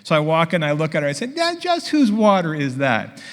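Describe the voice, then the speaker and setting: A man preaching a sermon, telling a story with lively dialogue and acting out both sides. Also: on the high side, brisk, in a large hall. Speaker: pastor.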